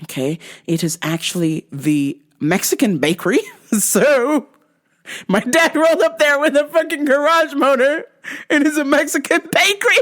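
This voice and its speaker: A woman's voice: sits high, normal speed, a bit bright. A woman podcast host telling a comic story, profane and exasperated.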